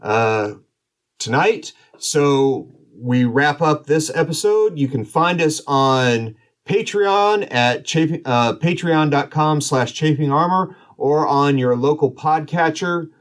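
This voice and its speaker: Unhurried man running a tabletop game. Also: on the high side. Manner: relaxed narration with frequent filler pauses. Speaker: game master and podcast host.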